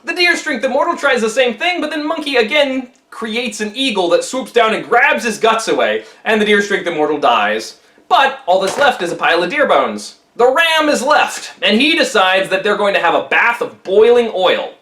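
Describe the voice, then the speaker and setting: A man retells a classic tale in a casual, playful manner. His voice is high and bright, and its pitch swoops constantly. The room adds a noticeable echo. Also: normal speed. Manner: animated and playful. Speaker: storyteller.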